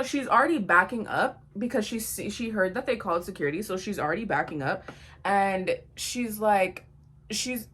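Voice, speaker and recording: A young woman in her twenties tells a story to her vlog audience in a blunt, slangy, animated way. Her voice sits at a middling pitch for a woman. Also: husky. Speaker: vlogger.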